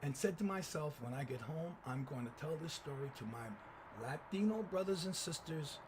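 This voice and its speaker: Animated man telling a story. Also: fairly high pitch, normal speed, noisy background. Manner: animated storyteller, acting out quoted voices. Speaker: channel host. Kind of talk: personal storytelling commentary.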